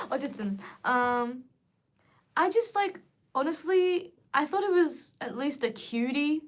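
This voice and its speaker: A young woman chatting casually to viewers on a livestream, lively and quick to react. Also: sits high. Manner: chatty and animated, switching between English and Korean. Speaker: livestream host.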